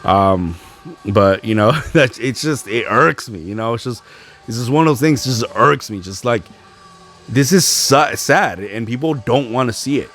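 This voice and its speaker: A man's voice: medium pitch, expressive, measured pace, fairly bright tone. A young man hosting a podcast, ranting alone with frustration and mocking other people's words. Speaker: podcast host. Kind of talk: solo ranting podcast monologue.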